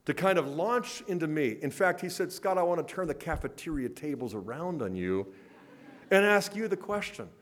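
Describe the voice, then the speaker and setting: A man giving a lecture, telling a story with lively dialogue and acting out both sides of a conversation. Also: on the high side. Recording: long hall reverb.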